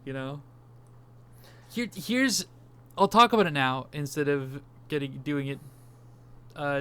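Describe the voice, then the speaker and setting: A man's voice: a little high, bright, forceful tone, a little hiss or hum. A man co-hosting a casual movie discussion podcast, rambling and swearing freely. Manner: rambling, swears casually, does silly beep noises. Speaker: podcast co-host.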